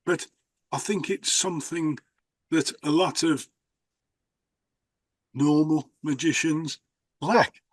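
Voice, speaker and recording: A man's voice: fairly high pitch, slow, long pauses, no echo. A man hosting a conversation, telling rambling stories with many restarts. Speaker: host, magician. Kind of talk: casual conversation.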